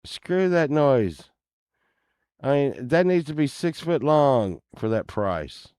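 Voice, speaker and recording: A man's voice: medium pitch, sing-song, measured pace, darkish tone, clean tone, no room sound, studio quality. A man chatting casually to viewers while browsing listings, laid-back and mumbling, with muttered asides and cursing.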